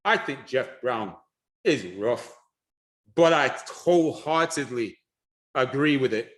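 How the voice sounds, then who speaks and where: A man giving a lively presentation on history and culture, animated and repeating himself, with frequent restarts. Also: mid-range voice. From United Kingdom.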